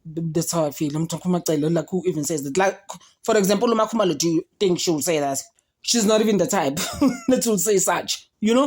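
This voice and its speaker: A young South African woman talks through a reality show in a loose, gossipy way, often turning to her viewers. Her voice sits low and has a dark, mellow tone. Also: fast, breathy edge. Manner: chatty, code-switching, animated gossip with frequent "guys" and laughs. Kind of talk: casual chat.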